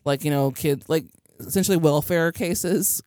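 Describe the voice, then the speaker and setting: A woman's voice: low voice, moderate pace, a little mellow, no echo, clean studio sound. A woman co-hosting a podcast, recapping a film in a loose, rambling way full of fillers, a little tipsy. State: tipsy from drinking. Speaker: podcast co-host. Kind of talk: casual chat.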